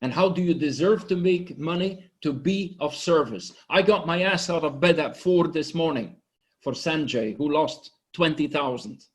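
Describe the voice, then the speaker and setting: Emotional guy with a kinda high voice ranting hard at his online group, blunt, preachy, cussing. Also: moderate pace. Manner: intense, blunt, swearing, preachy. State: emotional, sniffling. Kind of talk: impassioned motivational pitch. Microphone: online conference microphone.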